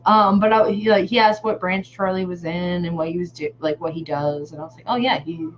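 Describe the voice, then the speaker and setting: Over a noisy background and muffled, lo-fi audio, a woman tells rambling stories while painting a face design for her vlog. Her lowish voice stays fairly even and quick, and she drops in fillers and casual curses.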